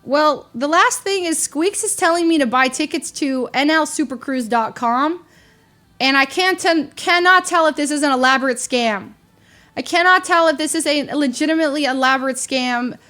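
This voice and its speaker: A woman streamer with a slightly high voice chats casually with her viewers. She rambles in an animated way, pokes fun at herself, and often trips over and restarts her sentences. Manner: rambling, animated and self-deprecating, with frequent restarts. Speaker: livestreamer.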